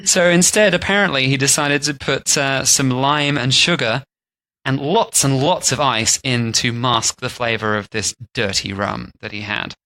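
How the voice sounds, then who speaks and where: Male podcast co-host, bright edge, jokey storytelling in easy chat. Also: mid-range voice, normal speed. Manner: playful storytelling, mock-posh impressions. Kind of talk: casual chat.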